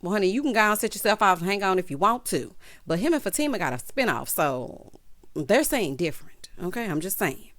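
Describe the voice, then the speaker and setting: A woman reviewing a TV episode in casual, sassy commentary. Her pitch swings widely as she talks. She keeps calling her listeners honey and child. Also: brisk. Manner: sassy, expressive, calls viewers honey and child. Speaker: TV recap reviewer.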